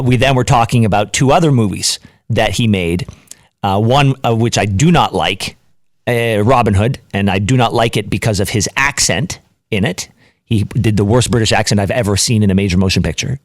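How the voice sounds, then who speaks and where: A man's voice: lowish voice, moderate pace, no echo, studio quality. A man hosting a radio talk show, chatty and opinionated, rambling with fillers as he talks.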